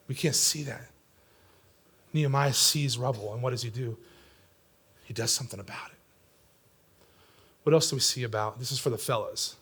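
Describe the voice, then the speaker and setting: A middle-aged man preaching a sermon in a church, swinging between loud, pressing lines and hushed, near-whispered ones. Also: medium pitch, moderate pace, long pauses, husky. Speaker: pastor. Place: church sanctuary.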